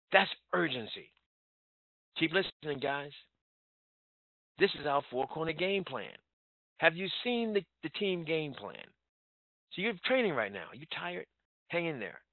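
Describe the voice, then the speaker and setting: A man's voice: a little high, sing-song, normal speed, long pauses, dry recording. Urgent, emphatic male motivational trainer; dry, phone-quality sound. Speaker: sales trainer. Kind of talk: motivational business training talk. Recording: tinny phone-like line, dry.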